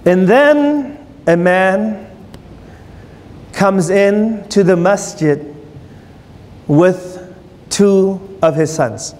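A man's voice: high voice, very slow, long pauses, darkish tone. A man giving a sermon, telling a story and asking his listeners questions. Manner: storytelling, asks the audience questions. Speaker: preacher. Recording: long hall reverb.

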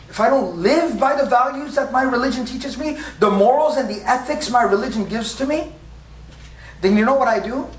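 A man preaching a sermon, emphatic and full of rhetorical questions and repetition. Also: high voice. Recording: echoey room from a distance.

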